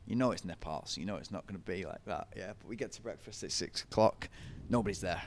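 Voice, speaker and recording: A man's voice: sits low, quick pace, creaky, hardly any pauses, a little hiss or hum. A young man, telling running stories in a casual interview, chatty and laughing often. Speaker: podcast guest, ultra runner.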